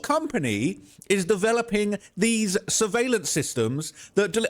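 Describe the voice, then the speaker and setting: A man's voice: high-pitched, sing-song, normal speed, few pauses. A man hosting a live stream, giving commentary in an indignant, sarcastic rant.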